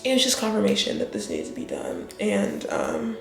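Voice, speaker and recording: A woman's voice: a bass voice, huge pitch swings, moderate pace, gravelly. A woman vlogging casually to camera, chatty and emotional, calling her viewers y'all. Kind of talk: casual vlog talk to camera. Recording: echoey room with faint music.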